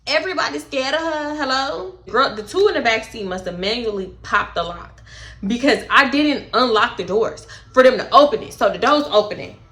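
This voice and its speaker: A young woman telling a story in a casual vlog, animated and profane, with dramatic retellings. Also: a little high, fairly quick. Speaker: storytime vlogger.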